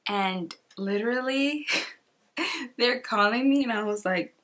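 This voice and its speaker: A woman's voice: fairly high pitch, slow pace, a bit bright. Chatty young woman telling a story. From California. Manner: chatty, peppered with "like", sassy asides. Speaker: YouTuber. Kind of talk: casual storytime.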